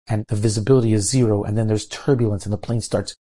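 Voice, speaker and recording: Low, husky-voiced male rabbi. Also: fast talker. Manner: lively storyteller, dramatizes quotes. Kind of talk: storytelling sermon.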